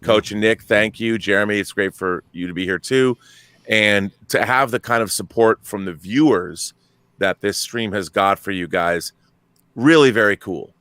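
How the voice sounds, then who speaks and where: Bright-toned, effusive man. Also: lowish voice, smooth, dry recording. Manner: effusive, warmly thankful, halting restarts. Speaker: guest filmmaker. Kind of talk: casual panel chat on a livestream.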